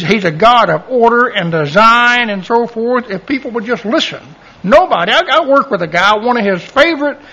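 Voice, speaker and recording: A man's voice: high voice, bright, forceful tone, highs cut off. A man preaching a folksy, conversational sermon, acting out bits of dialogue and chuckling as he goes.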